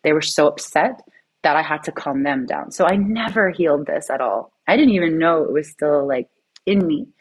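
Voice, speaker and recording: Interview guest, woman, very low voice, earnest and reflective, personal storytelling. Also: lively intonation, moderate pace, breathy edge, low-quality recording.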